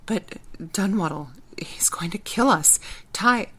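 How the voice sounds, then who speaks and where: Woman doing agent mom, forty, low voice, demanding, angry edge. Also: lively intonation, measured pace. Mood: shaken. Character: fierce forty-year-old mother turned secret agent.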